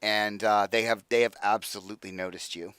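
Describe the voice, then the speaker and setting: A man's voice: fairly low pitch, fairly even intonation, brisk, a bit bright, clean tone, no room sound. A man narrating as dungeon master of a tabletop game, talking loosely with many fillers.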